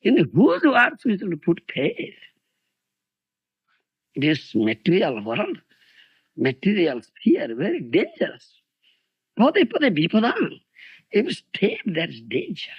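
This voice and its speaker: A man's voice: high-pitched, breathy edge, no room sound. A man giving a sermon as a spiritual teacher, telling stories with laughter and often asking his listeners if they understand. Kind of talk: lecture-style sermon. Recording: lo-fi 1990s lecture tape.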